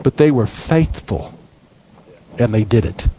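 A man preaching a sermon in an animated way, acting out voices and laughing as he goes. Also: medium pitch, unhurried, breathy edge. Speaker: pastor.

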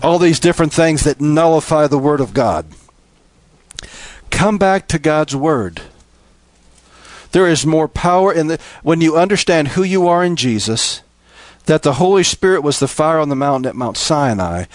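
A man preaching a sermon, building from steady teaching to impassioned, emphatic appeals. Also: fairly high pitch, moderate pace, dry recording.

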